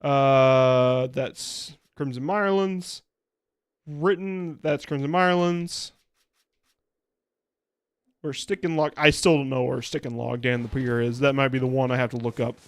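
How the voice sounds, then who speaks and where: A man's voice: medium pitch, steady tone, moderate pace, hardly any pauses, clear, resonant tone, dry recording, clean studio sound. A man streaming a video game, chatting casually in a rambling way with plenty of fillers. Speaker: VTuber streamer. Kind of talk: casual let's-play commentary.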